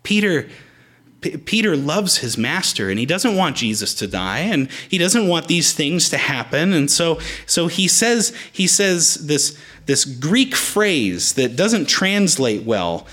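A man's voice: fairly high pitch, big pitch swings, takes it slowly, hardly any pauses, a bit bright. A man preaching a sermon, explaining the Greek words in the text as he teaches.

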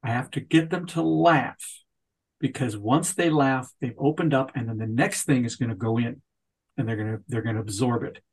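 Podcast host guy, kinda husky, raspy edges, chatty and upbeat. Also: mid-range voice, moderate pace, rough recording. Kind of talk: conversational interview.

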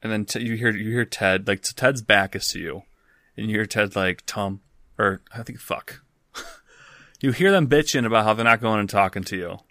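A man's voice: fairly low pitch, moderate pace, pushed and bright, no echo, studio quality. A man narrating as game master in a loose, casual way, with swearing and restarts.

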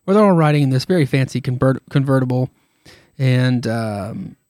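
A man's voice: mid-range voice, expressive, normal speed, a little mellow, dry recording, clean studio sound. Rambling casual man with tired throat. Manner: rambling, irreverent, many fillers. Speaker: podcast host. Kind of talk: casual comic-book retelling.

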